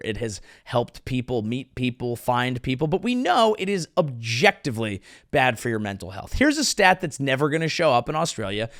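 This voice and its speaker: A man's voice: medium pitch, a bit bright, no room sound, studio quality. A man hosting his own comedy show, delivering a sarcastic, riffing monologue. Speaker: comedian host.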